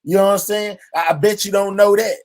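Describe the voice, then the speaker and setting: Man, fairly high voice, reflective personal monologue, casual, earnest, repetitive fillers. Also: fairly even intonation, quick pace, darkish tone. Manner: drawling, fills nearly every line with "you know what I'm saying"; earnest and reflective, speaking openly to his audience. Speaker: channel host. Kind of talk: heartfelt personal monologue to viewers.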